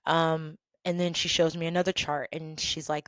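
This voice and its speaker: A woman telling a work story in a casual vlog, animated and emphatic, repeating phrases for effect. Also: low voice, normal speed, no echo.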